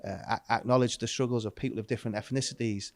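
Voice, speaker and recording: A man's voice: mid-range voice, steady tone, fast talker, dry recording. Earnest, reflective man guest. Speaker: pastor, podcast guest. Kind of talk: casual discussion.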